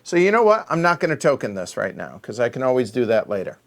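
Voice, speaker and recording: A man's voice: mid-range voice, sing-song, fast. A man hosting a solo board game play-through, thinking aloud and muttering counts under his breath as he works out each move.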